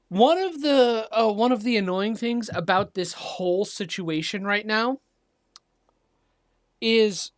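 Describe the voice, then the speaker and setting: A game master narrating a tabletop role-play game and chatting in a slow, halting way, laughing often. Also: medium pitch, dry recording.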